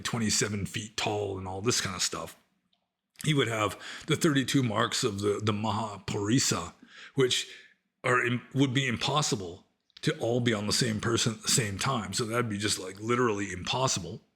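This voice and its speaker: With a lowish voice, a fairly bright tone, and a fairly quick pace, a middle-aged ex-monk casually fields questions from listeners. His talk is rambling and conversational, packed with fillers.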